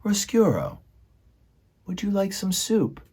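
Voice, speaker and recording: A man voicing a kind young princess who speaks softly and gently, in a storybook reading. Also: high-pitched, wildly swooping pitch, slow pace, breathy edge, voice pushed up, full character voice. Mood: gentle.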